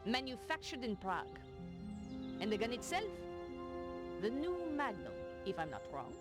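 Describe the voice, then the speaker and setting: A lively, up-and-down voice plays a quirky traffic warden who knows far too much about guns. She delivers her lines dryly, with mock gruffness. It is game audio over clear music. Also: a little high, normal speed. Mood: knowing. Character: dry, quirky former gun expert turned traffic warden.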